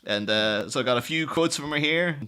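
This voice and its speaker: A man co-hosting a casual film podcast, chatty and quick to laugh. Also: medium pitch, expressive, sharp tone, clear, resonant tone. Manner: chatty, laughs often, puts on voices for quotes. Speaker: podcast co-host.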